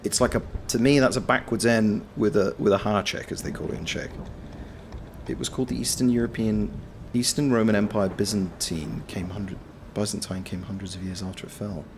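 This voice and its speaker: A man giving casual, sweary live commentary on a game, yelling at enemies and chatting with viewers. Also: lowish voice, steady tone, brisk, a little hiss or hum. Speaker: game streamer.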